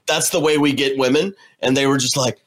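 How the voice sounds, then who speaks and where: A man's voice: medium pitch, steady tone, fairly quick, fairly bright tone, slight background noise. A man chatting casually as a podcast co-host, telling joking stories. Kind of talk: casual chat.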